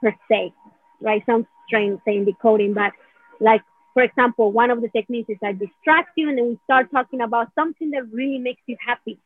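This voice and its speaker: Her pitch is fairly high and her tone steady as she moves at a brisk clip with no room sound. Chatting casually, she rambles through a description of a healing method, repeatedly asking "right?" and voicing emotions in little quoted asides, all over a dry, phone-narrow recording.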